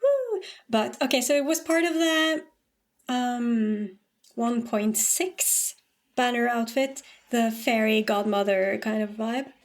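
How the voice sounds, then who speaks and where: A young woman with a slightly high voice and a light Norwegian lilt, streaming a game and chatting as she goes. She rambles and hesitates, dropping "um" and "like" all through. Her voice carries a faint strain from talking a lot. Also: slow. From Norway. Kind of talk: casual chat while gaming.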